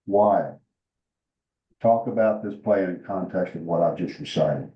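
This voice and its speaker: A man's voice: deep voice, unhurried. A man presenting a rules clinic for basketball officials, talking casually with fillers and restarts. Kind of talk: rules instruction and discussion. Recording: roomy, dull lo-fi sound.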